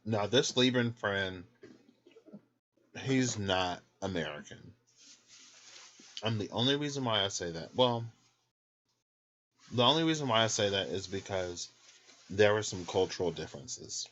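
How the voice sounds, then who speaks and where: Lying in bed at home, a tarot channel host munches on snacks and laughs while loosely, candidly rambling through a late-night vlog. His fairly low, slightly bright voice moves a little slowly with frequent pauses, and the audio sounds dull.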